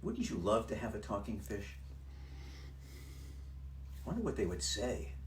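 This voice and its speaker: A man's voice: lowish voice, huge pitch swings, unhurried, slight background noise. Man reading aloud with wry asides. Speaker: storybook reader. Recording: roomy sound from a distance.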